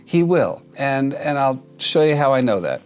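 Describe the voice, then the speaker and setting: A man hosting an advice show, talking casually and warmly about a shy cat, often repeating and restarting words as he gets emotional. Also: medium pitch, very animated, normal speed, a little hiss or hum. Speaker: cat behaviorist host reviewing a viewer video. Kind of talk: casual advice talk to camera.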